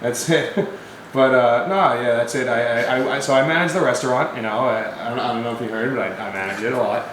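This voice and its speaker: A man's voice: mid-range voice, fairly quick, fairly bright tone. A young man, a guest filmmaker on a podcast, joking about himself and stammering with laughs. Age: young adult. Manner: self-mocking, stammering, laughing. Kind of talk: casual chat. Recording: echoey room with faint noise.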